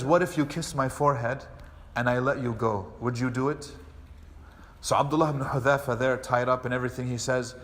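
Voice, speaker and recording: A man, an imam, giving a mosque lecture, telling a story and acting out the quoted speech with lively delivery. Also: medium pitch. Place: mosque hall. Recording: long hall reverb.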